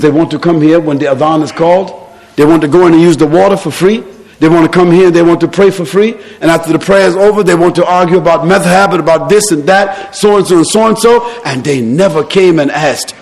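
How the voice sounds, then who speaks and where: A male preacher giving an impassioned sermon in a mosque, firing off rhetorical questions and shouting for emphasis. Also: on the high side, in a large hall. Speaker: Islamic preacher.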